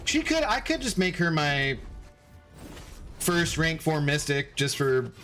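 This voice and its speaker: A man's voice: a little high, sing-song, takes it slowly, sharp tone, soft background music. A man streaming a game, rambling casually and answering viewers' chat messages as he plays. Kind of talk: casual live-stream chat while gaming.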